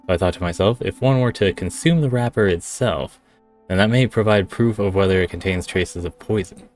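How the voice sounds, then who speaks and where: A man doing an eccentric sidekick from a mystery game who rambles through his reckless schemes. The voice sits on the low side, with faint music behind it. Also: fairly quick, darkish tone, natural voice. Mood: scheming. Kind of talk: reading game dialogue aloud.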